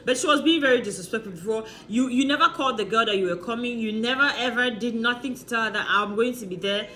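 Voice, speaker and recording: A woman's voice: fairly high pitch, quick pace, few pauses, pushed and bright, slight background noise. A woman chatting through a casual, gossipy recap of a reality show, laughing often and asking rhetorical questions.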